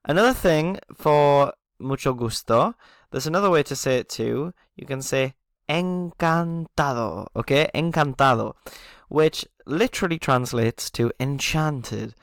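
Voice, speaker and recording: A male language teacher with a gravelly, creaky, mid-range voice explains things patiently to beginners at a measured pace. He keeps checking in with "okay?" and chuckles at himself over his own asides, recorded dry and close with no room sound.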